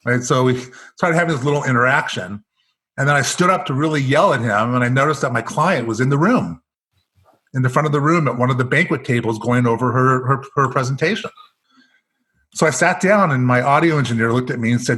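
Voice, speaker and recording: A man's voice: mid-range voice, brisk. A man with an American accent, an executive coach telling stories in an interview, acting out the dialogue. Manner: animated storyteller acting out quoted dialogue. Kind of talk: storytelling in a podcast interview.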